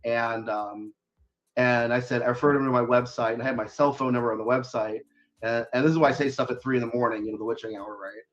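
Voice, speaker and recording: A man's voice: medium pitch, fairly even intonation, fast, muffled recording. A man, a guest author, chatting casually in an interview, rambling with lots of fillers and restarts.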